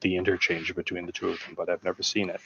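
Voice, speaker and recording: A man's voice: sits low, level tone, fast, vocal fry, a bit bright, highs cut off, slight background noise. A man enthusiastically retelling film moments in casual chat, bursting into acted-out quotes. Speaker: podcast guest.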